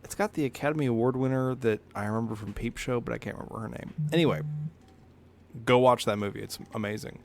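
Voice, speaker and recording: A man's voice: mid-range voice, fast, gravelly, darkish tone. A man co-hosting a podcast in casual chat, offhand and thinking aloud as he goes. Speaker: podcast co-host.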